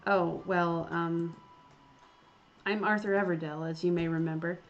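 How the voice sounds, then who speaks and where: A woman's voice: lowish voice, steady tone, measured pace, lo-fi sound. A woman voicing a polite, fussy young British male botanist with a British accent, formal, earnest and stammering, in a game.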